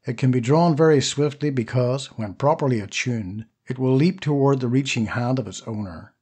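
A man reading the part of a calm, precise old male weapon shopkeeper in an audiobook, low and quiet. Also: moderate pace, husky, lightly acted.

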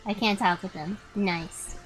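A young woman streaming a game, chatting to her viewers with lots of swearing and sudden excited outbursts. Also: medium pitch, a little slow, faint music behind, poor audio. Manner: excitable, swears freely, talks to chat. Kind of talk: live gameplay commentary.

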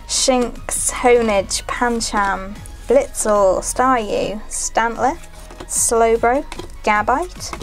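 Chatty girl flipping through cards, kinda high voice, giggles a lot, faint music behind. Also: very slow. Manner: chatty, giggly, repeats herself. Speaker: channel host opening card packs. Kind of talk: casual chat while opening booster packs.

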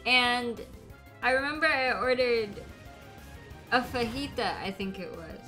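Giggly woman with a bright voice. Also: fairly high pitch, a little slow, soft background music. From United States. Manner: giggly, laughs often, rambling. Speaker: streamer. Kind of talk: casual chat while playing a game.

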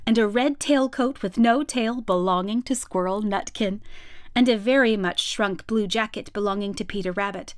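A woman reading a children's storybook aloud in a gentle, measured storytelling manner. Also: mid-range voice, no echo, studio quality. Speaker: storybook reader.

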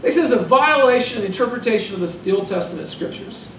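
Animated pastor preaching in an echoey church. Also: male voice, sits high, quick pace, slight background noise. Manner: animated, joking, conversational preaching. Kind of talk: sermon. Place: church sanctuary. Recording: echoey room from far off.

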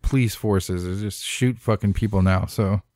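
A man's voice: fairly low pitch, normal speed, darkish tone, no echo, clean studio sound. A man co-hosting a podcast in casual chat, swearing freely and cracking jokes. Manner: heavy casual swearing, wisecracking. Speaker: podcast co-host.

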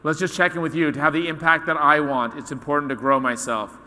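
A man giving a keynote talk to an audience, telling a story in an animated way and acting out the voices of its characters. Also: fairly high pitch, fast talker. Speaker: conference speaker. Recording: long hall reverb.

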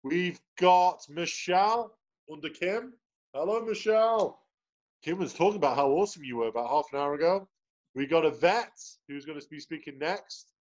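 A man's voice: on the high side, lively intonation, moderate pace. A man hosting a sales team video call, chatting cheerfully and greeting people one by one. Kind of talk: upbeat motivational team call. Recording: dull lo-fi video call audio.

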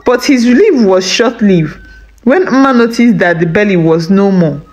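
A Nigerian woman telling a folktale, her voice full of lively rises and falls. She narrates a scripted story with a sing-song, expressive delivery at a middle pitch. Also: moderate pace, poor audio.

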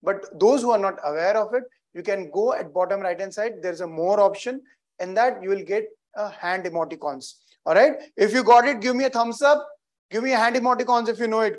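A man's voice: sits high, fairly quick. A man with an Indian accent hosting a virtual corporate event, cheering the audience on with energy and repeating rallying phrases. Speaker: event host.

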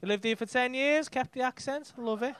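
A man's voice: very high voice, fairly quick, fairly bright tone, smooth. A man with a Liverpool accent doing brash, sweary stand-up crowd work from a club stage. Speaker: stand-up comedian.

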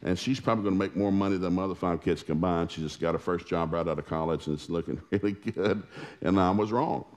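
A man with a deep, low voice preaches in a church, spinning family stories in a folksy, animated style. He acts out the quoted lines as he goes. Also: quick pace. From Oklahoma. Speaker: pastor. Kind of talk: storytelling sermon.

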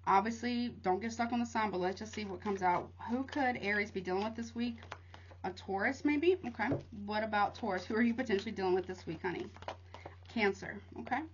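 A woman's voice: medium pitch, dull audio, a little hiss or hum. A young woman giving a casual tarot reading, rattling off card meanings in a chatty way and calling listeners honey. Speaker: tarot reader.

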